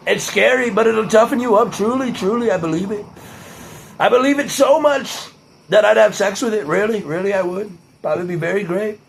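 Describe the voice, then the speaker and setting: A man's voice: sits high, creaky, voice pushed up. A man doing an impression of a brash, boastful older male politician, full of superlatives and blunt off-color remarks.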